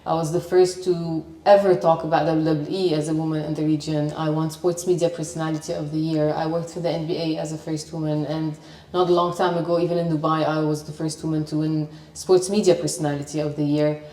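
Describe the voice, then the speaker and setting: Lebanese woman guest, deep mellow voice, confident storyteller, roomy sound from a distance. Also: flat delivery, a little fast, few pauses. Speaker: sports presenter guest. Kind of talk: interview conversation. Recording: echoey room, mic at distance.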